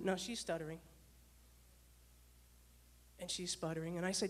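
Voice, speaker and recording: A woman giving a motivational talk to an audience and telling a story from her dispatcher days in a lively way. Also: mid-range voice, a little fast, pauses often. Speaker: speaker, former dispatcher and leadership coach.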